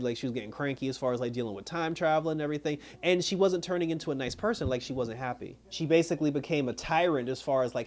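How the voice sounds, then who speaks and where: A man's voice: mid-range voice, a little mellow. A man reviewing a TV episode in a rambling, casual recap, acting out the characters' lines as he retells them. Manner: rambling retelling, acts out quoted dialogue. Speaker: TV show reviewer.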